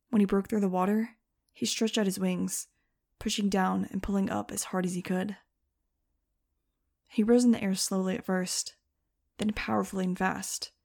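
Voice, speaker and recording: A woman narrating an audiobook, reading lively scripted prose. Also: medium pitch, creaky. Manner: lively, shifting into excited first-person telling.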